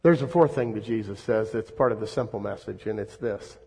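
A man preaching a sermon, swinging between loud emphatic lines and hushed ones. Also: on the low side, fairly quick, vocal fry, slightly rough. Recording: long reverb of a large hall.

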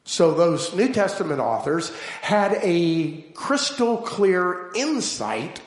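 A man preaching a sermon, telling stories slowly and deliberately and building to emphatic points. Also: high voice, sing-song, echoey room. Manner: slow, deliberate storytelling with emphatic build-ups.

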